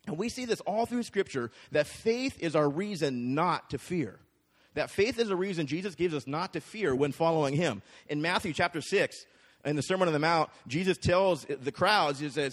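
Prediger mit Hall in einer Kirche. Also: male voice, a little high, lively intonation, normal speed. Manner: conversational, checks in with the crowd with frequent "right?". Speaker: pastor. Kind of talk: sermon. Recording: long hall reverb.

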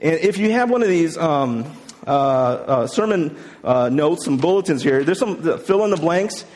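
A man's voice: fairly high pitch, lively intonation, normal speed, darkish tone, in a large hall. A male pastor preaching a sermon in a church, speaking conversationally and asking the congregation questions. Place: church sanctuary.

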